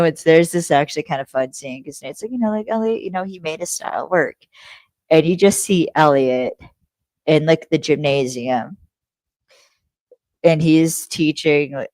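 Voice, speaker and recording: A woman's voice: rumbling low, darkish tone, dry recording. Casual swearing woman host recapping. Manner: rambling, casual, swears freely, self-correcting. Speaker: podcast host.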